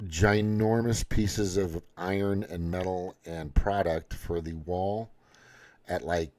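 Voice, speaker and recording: Crude ranting man with a low voice. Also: darkish tone. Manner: crude, sarcastic ranting with heavy swearing. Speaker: commentary host. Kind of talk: casual reaction commentary.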